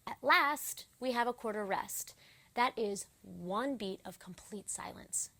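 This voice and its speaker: Gentle slow-spoken music teacher woman. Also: medium pitch. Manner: gentle, encouraging, counts beats aloud. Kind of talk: slow, clear instruction for children.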